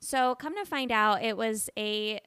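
A woman co-hosting a casual podcast, upbeat and quick to react, telling stories from her music gigs. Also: on the high side, a bit bright, clean tone, dry recording, studio quality. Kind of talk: casual chat.

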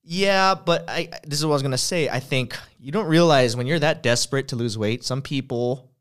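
A man's voice: medium pitch, fairly quick, fairly bright tone, clean tone. A man hosting a podcast, telling stories in rambling casual chat full of "like" fillers. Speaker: podcast host.

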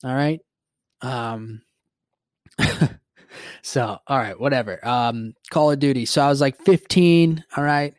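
A man in his twenties hosting a podcast, telling a story in a rambling, profane, animated way. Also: mid-range voice, slow pace, pauses often, no room sound, studio quality. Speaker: podcast host. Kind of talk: casual storytelling monologue.

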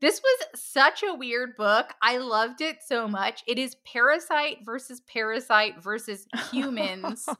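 Her voice is on the high side, lively in intonation, pushed and bright. She's a book podcast co-host recommending a novel in relaxed, unhurried conversation while poking fun at her own pronunciation.

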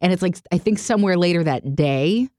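Playful lower-voiced woman podcast co-host. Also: expressive, brisk, warm tone, dry recording, studio quality. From Houston, Texas. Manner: chatty, laughs easily, playful. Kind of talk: casual faith podcast chat.

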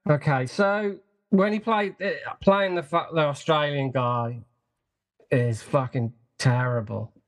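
A man's voice: a little high, takes it slowly. A man co-hosting a podcast, blunt and laughing, swearing freely in casual film talk. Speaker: podcast co-host.

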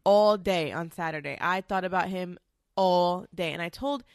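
A woman's voice: lowish voice, normal speed, clear, resonant tone, dry recording, clean studio sound. A woman hosting her own show, telling a personal story in a candid, chatty, confiding way. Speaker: podcast host. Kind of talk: casual solo storytelling.

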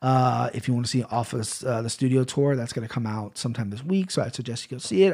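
A man's voice: mid-range voice, fast, hardly any pauses, breathy edge. A man hosting a podcast, telling a long story in a rambling, profane, casual way. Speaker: podcast host. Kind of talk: casual chat.

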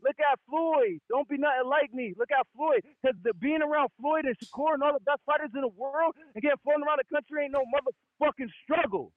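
A high-voiced man argues his point hard and won't let anyone cut in, cursing freely. His voice comes through a thin, phone-like line. The sound is dry and close. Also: brisk, few pauses, no room sound. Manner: insistent, swears a lot, cuts off rebuttals. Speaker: boxing podcast co-host. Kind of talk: heated debate, profane.

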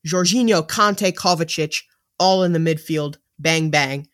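A man co-hosting a casual sports podcast, who talks tactics in an animated, jokey way. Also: on the high side, a little slow, smooth. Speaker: podcast co-host.

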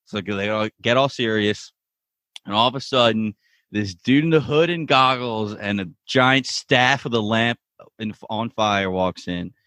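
A lower-voiced man chats through a TV recap, animatedly retelling scenes. He slips into quoted lines as he goes. The sound is dry and close. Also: measured pace, pushed and bright, no echo. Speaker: podcast co-host. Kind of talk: casual TV recap chat.

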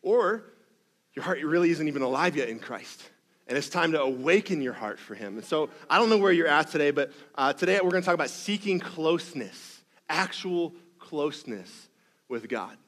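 A man's voice: fairly high pitch, expressive, moderate pace, fairly bright tone. A man preaching a sermon as pastor, conversational and emphatic, with self-deprecating asides and rhythmic repetitions.

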